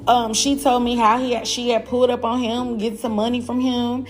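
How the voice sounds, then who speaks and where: A young woman with a fairly high voice spins a story in a loose, blunt way, swearing freely and calling out to her listeners. Her talk is casual and animated, with faint music playing underneath. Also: fairly quick, few pauses. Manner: blunt, profane and animated, talking straight to listeners as "y'all". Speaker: podcast host.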